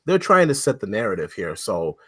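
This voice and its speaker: A man's voice: on the low side, very animated, brisk, slightly rough, no echo, clean studio sound. A man on a casual gaming podcast panel, hesitant and repeating words.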